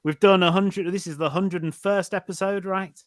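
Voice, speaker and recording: A man hosting a podcast, chatting in a relaxed, steady way. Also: high-pitched, moderate pace, no room sound, clean studio sound. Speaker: podcast host. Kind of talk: casual chat.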